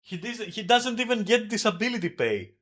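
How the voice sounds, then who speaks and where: Male streamer, high bright voice, angry profane venting. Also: very animated, brisk. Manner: heated, profane, yelling at times. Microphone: desk microphone.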